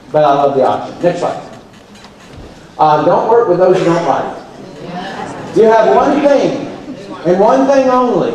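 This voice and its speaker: A man with a fairly high voice addresses a conference crowd, telling animated stories and putting on voices for the people he quotes. He sounds distant from the mic, and his voice rings through a big, echoey hall. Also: slight background noise. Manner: animated storyteller who acts out quoted dialogue. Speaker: conference speaker. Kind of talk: live motivational talk. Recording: very echoey hall, heard from far off. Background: audience laughter.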